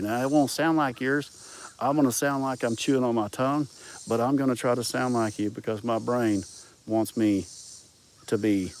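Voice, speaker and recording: A man with a thick Arkansas drawl talks in a loose, folksy ramble, salting his stories with cusses and running his words together. His voice sits on the low side. Faint insect chirps carry from the countryside around him. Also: slight background noise. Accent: Southern US, Arkansas. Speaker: vlogger. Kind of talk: rambling casual storytelling.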